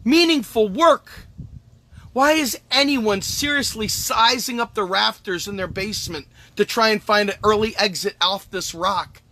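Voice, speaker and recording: A man's voice: sits high, measured pace, pushed and bright. A man delivering an angry, emphatic political monologue as host, swearing and repeating lines for effect. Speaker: podcast host.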